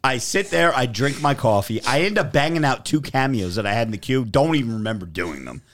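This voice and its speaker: A man's voice: medium pitch, a little fast. A young man telling a story in casual chat, swearing freely and acting out what others said. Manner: profane, animated, acts out quotes. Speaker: podcast host telling a story.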